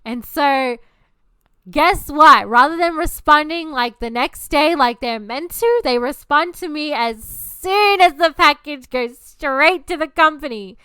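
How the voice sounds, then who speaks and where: A woman's voice: high-pitched, unhurried, hardly any pauses, bright, forceful tone, dry recording. A woman podcast host delivering a heated, profanity-laced ranting monologue.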